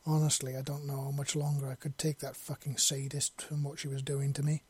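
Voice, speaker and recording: A man's voice: fairly high pitch, fairly even intonation, moderate pace, warm tone, natural voice. A man voicing a nervous, apologetic young male escapee who swears a lot, in a fan fiction audiobook reading.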